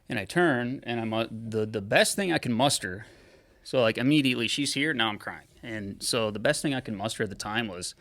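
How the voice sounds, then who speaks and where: A man with a low, deep voice recounts his past bluntly on a podcast, full of curse words and halting "uh"s. The sound is dry and close, with no room around it. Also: expressive, a bit bright, no room sound. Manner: frank, heavy swearing, halting with many fillers. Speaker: podcast guest. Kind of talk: candid personal storytelling. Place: podcast studio.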